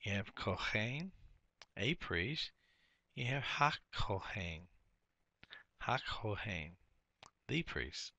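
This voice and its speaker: A man's voice: fairly low pitch, big pitch swings, drawn-out words, creaky, long pauses, pushed and bright, no echo. A man teaching a workbook lesson, explaining each step and repeating key words.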